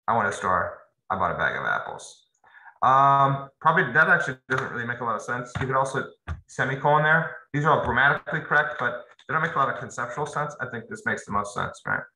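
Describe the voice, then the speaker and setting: Bright-voiced male teacher, casual and echoey. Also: mid-range voice, quick pace. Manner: loose and conversational, talks straight to students. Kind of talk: casual classroom grammar lesson. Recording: roomy echo, faint noise.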